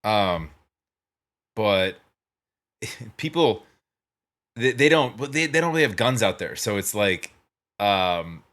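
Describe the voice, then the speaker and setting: A man's voice: on the low side, lively intonation, slow pace, long pauses, a bit bright. Laid-back man reacting with jokes. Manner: chatty, laughing, joking asides. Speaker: reaction video host. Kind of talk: casual reaction commentary.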